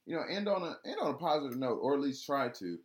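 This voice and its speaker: A man's voice: a little high, animated, fast. A man talking casually about training his dog, rambling with frequent restarts and fillers. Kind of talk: casual spoken monologue.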